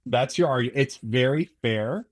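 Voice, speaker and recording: A man's voice: mid-range voice, moderate pace, no room sound. A man appearing as a podcast guest, chatting casually and explaining at length with agreeable fillers and restarts. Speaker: camera product manager guest. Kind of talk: casual interview chat.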